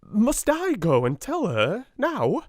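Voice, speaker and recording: A flustered, plump British spinster stammers in a high, wavering voice that flutters up and down, as a man puts her on. She is timid and easily frightened, forever stumbling over her words. The sound is dry and close. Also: wildly swooping pitch, moderate pace, no echo. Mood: tearful. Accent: British English.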